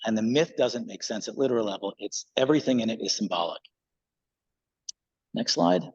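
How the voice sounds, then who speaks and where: Male pastor, slightly husky, easygoing church sermon, dull lo-fi recording. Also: mid-range voice, a little fast. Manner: conversational, relaxed, with fillers.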